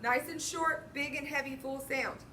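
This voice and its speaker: A woman teaching a band lesson, counting beats out loud and singing the rhythms as she walks through the parts. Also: high-pitched, fairly even intonation, normal speed, faint music behind. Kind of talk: music lesson walkthrough. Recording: roomy, distant mic, faint noise.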